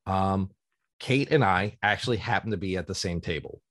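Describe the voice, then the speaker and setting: Low-voiced rambling male podcast host. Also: normal speed, fairly bright tone, dry recording. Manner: rambling and enthusiastic, wanders off on tangents. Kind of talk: casual chat.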